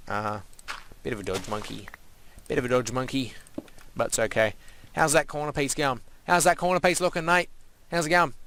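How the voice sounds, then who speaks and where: A man's voice: mid-range voice, a bit bright, a little hiss or hum. A young man giving casual, rambling let's-play commentary and playfully talking to the animals and objects in his game. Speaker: gaming channel host.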